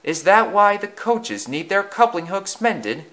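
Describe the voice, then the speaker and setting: A man's voice: sits high, expressive, a little slow, fairly bright tone, voice pushed up. A man voicing a small male tank engine who talks in a teasing, wry way.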